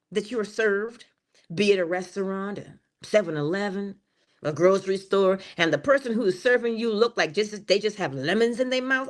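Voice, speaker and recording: A woman's voice: mid-range voice, moderate pace. A woman hosting a morning inspiration stream, giving a motivational talk with emphasis, dropping to a whisper on key phrases and acting out little scenes. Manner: animated, laughs and acts out little scenes.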